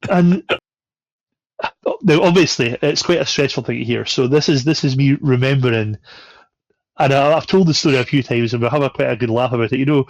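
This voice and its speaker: A man with a gravelly, creaky voice tells a story in a relaxed, chatty way, slipping into the voices of the people in it. The recording is dry and a little dull. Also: medium pitch, a little fast, no echo. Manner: animated, acts out quoted voices. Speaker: podcast guest. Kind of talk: casual storytelling.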